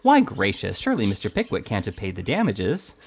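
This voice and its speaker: A man's voice: on the low side, wildly swooping pitch, brisk, a little mellow, husky, heavily acted. A man voicing an emotional, eager middle-aged Victorian landlady. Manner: anxious and eager.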